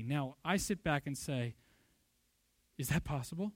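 A man with a high voice preaches a sermon, piling up rhetorical questions and pressing his points with emphasis. He swings to loud, pushing bursts when he drives a point home. The recording is close and dry, with no room sound. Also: animated, a little slow, no echo. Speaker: pastor.

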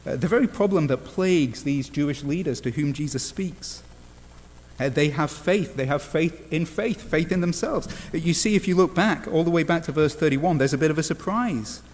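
English preacher in a reverberant hall. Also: male voice, fairly high pitch, moderate pace. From England. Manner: earnest, wry asides, frequent "uh" fillers. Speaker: pastor. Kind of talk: sermon.

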